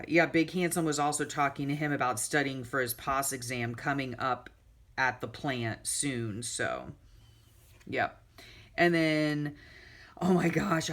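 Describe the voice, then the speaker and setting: A middle-aged woman chatting at home as she pages through her journal. She rambles casually, drifts into side stories, and gets animated when a story heats up. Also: low-pitched. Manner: animated storytelling, many fillers and asides. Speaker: journal flip-through vlogger.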